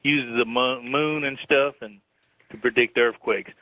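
A man's voice: mid-range voice, fairly even intonation, unhurried, no room sound. A polite, earnest man calls into a radio show to ask a question. His voice comes through a tinny, phone-like line that sounds dry and thin. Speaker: caller.

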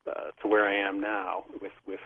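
A man's voice: on the low side, monotone, moderate pace. A middle-aged man animatedly telling a story, often laughing as he talks, as an interview guest. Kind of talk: casual storytelling. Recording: tinny phone line.

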